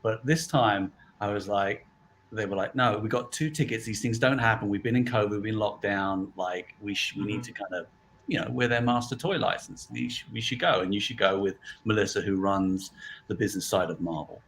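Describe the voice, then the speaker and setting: A man's voice: fairly low pitch, a little fast, a bit bright, slight background noise. A middle-aged man, a guest on a chat stream who tells stories with animation and acts out the voices of the people he quotes. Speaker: guest from a toy company. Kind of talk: casual chat.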